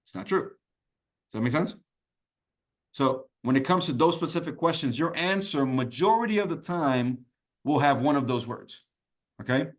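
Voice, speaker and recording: A man's voice: on the high side, animated, moderate pace, long pauses. A man teaching an exam prep class in a conversational, encouraging way, repeating key points and checking in with "okay?". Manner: repetitive, keeps checking in with "okay?". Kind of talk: live online class teaching.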